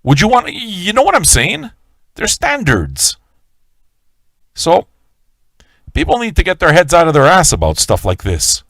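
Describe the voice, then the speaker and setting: A man's voice: fairly high pitch, huge pitch swings, measured pace, long pauses, a bit bright, no echo. A man hosting a live-stream radio show, ranting in a swaggering, profane way and talking straight to his viewers. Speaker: livestream radio host.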